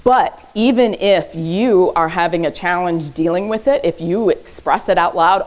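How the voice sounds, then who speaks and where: A woman therapist gives a casual parenting talk in a public library event room, an informal educational presentation. Her voice is fairly low and darkish, unhurried with hardly any pauses, and the recording is rough. She talks conversationally, keeps asking the audience "okay?", and teaches with light humor.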